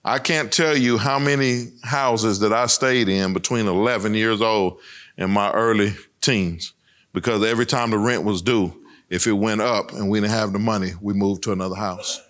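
A middle-aged man giving a personal testimony speech, telling his story with emphatic swings between raised and lowered lines. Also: steady tone, moderate pace, a bit bright.

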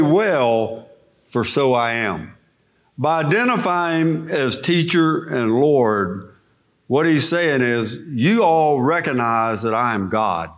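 Slow, deliberate male preacher. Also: mid-range voice. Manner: slow, deliberate Bible teaching with verse-by-verse explanation. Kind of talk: sermon.

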